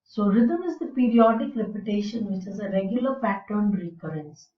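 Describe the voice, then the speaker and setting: A woman teaching English in a slow, deliberate lecture, explaining with fillers. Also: mid-range voice, lively intonation. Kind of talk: recorded lecture. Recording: roomy and distant, dull sound.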